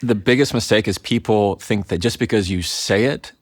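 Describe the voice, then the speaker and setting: Deep-voiced man coaching on communication. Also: normal speed, no room sound, studio quality. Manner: lively storyteller who acts out both sides of an argument in quoted voices. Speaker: guest, lawyer and communication coach. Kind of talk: explaining in an interview.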